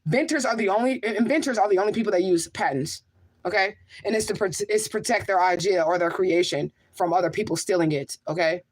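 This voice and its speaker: Woman on a livestream reading out chat comments, emphatic, keeps asking y'all okay, mid pitch. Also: fast talker. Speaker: livestream host and spiritual medium.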